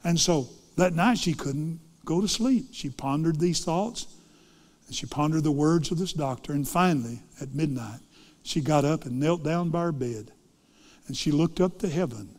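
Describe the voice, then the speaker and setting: A man preaching a sermon, swinging dramatically between loud fervent lines and hushed ones. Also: fairly high pitch, normal speed, in a large hall.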